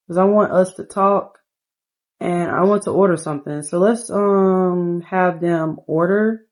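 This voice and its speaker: A woman's voice: on the low side, unhurried. Chatty woman narrating her game. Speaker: gameplay streamer. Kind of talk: casual let's-play commentary.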